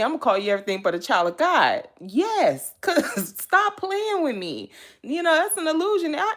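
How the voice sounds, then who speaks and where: A tarot reader woman talking straight to camera in a loose, chatty rant. She is blunt and animated, swears freely, and breaks into laughter often. Her voice sits in an everyday middle pitch. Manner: chatty, addresses viewers directly. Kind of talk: casual vlog rant to viewers.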